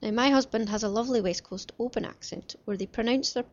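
A woman's voice: on the high side, quick pace, muffled recording. A woman from Caithness with a Caithness Scottish accent, hosting a chatty solo podcast in a homely, teasing way with Scots words. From Caithness, Scotland. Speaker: podcast host.

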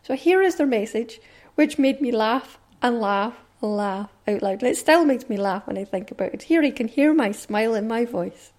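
A woman's voice: a little high, expressive, moderate pace, darkish tone. A Scottish woman hosting a podcast, talking in a chatty, cheerful and enthusiastic way. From Scotland. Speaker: podcast host. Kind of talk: casual podcast chat.

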